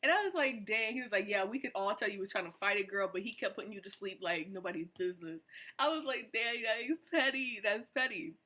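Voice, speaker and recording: A young woman, a college student, excitedly telling a casual storytime vlog in slangy, animated speech. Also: mid-range voice, fast talker. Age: young adult. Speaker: vlogger.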